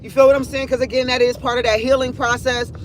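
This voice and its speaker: A livestream host speaks fast in a high-pitched voice with flat delivery, over slight background noise. Her casual talk about her feelings rambles, includes swearing and is candid and emotionally open.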